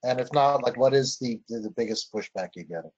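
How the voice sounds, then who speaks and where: Husky guy asking a question, kinda halting, dull lo-fi sound. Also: a little mellow. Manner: halting, searching for words. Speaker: panel member asking a question. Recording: dull low-fidelity sound.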